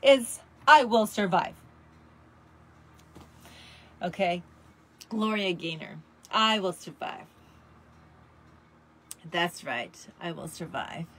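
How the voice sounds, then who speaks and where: Middle-aged woman host, slightly low voice, upbeat and encouraging, sings snippets. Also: big pitch swings, slow pace, pauses often, a bit bright, breathy edge. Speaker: show host. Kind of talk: motivational talk.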